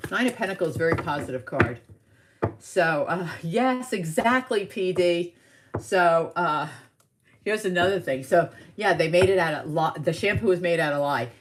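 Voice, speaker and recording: A middle-aged woman from the New York area, a tarot reader telling stories in a casual, animated, rambling way during a live reading. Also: lowish voice, normal speed, a little hiss or hum. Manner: animated, rambling storyteller with asides.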